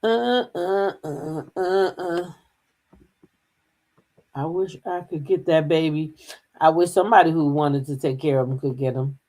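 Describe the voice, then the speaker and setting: Low-voiced woman chatting on gossip. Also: steady tone, a little mellow. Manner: chatty, drawn-out filler hums, reads news aloud. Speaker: gossip channel host. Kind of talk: casual commentary.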